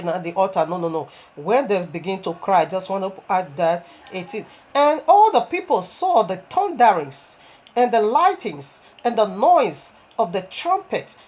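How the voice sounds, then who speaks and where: A woman preaches, reading long scripture passages aloud and breaking into her own comments between verses. Her voice sits in a middle pitch for a woman. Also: darkish tone, slightly rough. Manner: reads scripture aloud, breaks off with asides and laughs.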